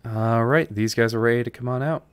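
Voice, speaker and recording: A man's voice: medium pitch, fairly quick, no echo. A man from New York, chatting casually with viewers as he live-streams a strategy game and answers their messages. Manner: chatty, answers chat between moves.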